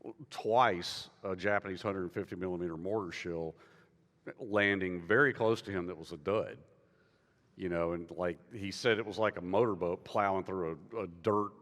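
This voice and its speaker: A man's voice: low-pitched, steady tone, moderate pace, fairly bright tone. A male author telling a war story in a loose, conversational way, full of fillers and restarts. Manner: rambling, many fillers and restarts. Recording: long reverb of a hall.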